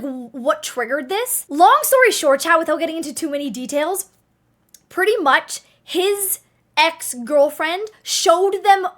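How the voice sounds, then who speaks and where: A young woman streamer telling a story to her chat in a casual, animated way, swearing freely. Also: sits high.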